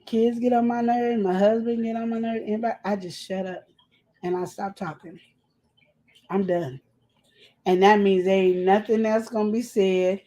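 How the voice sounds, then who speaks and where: A woman's voice: medium pitch, steady tone, normal speed, dark tone. A middle-aged woman co-hosting a podcast, talking casually and animatedly, telling stories from home in a colloquial way. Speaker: podcast co-host. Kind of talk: casual advice chat.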